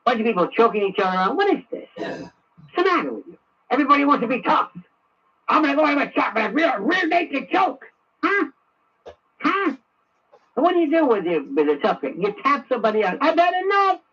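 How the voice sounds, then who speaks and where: A man's voice: extremely high pitch, very animated, a little fast, pushed and bright, slightly rough. A man giving a sarcastic, ranting talk radio monologue. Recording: muffled radio broadcast, distant.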